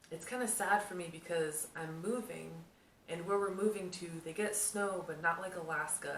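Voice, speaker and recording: A young woman chatting casually to camera, answering questions about herself in a lively storytelling way. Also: on the low side, slight background noise. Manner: chatty, animated storytelling with laughs. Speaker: vlogger, homemaker. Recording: echoey room, mic at a distance.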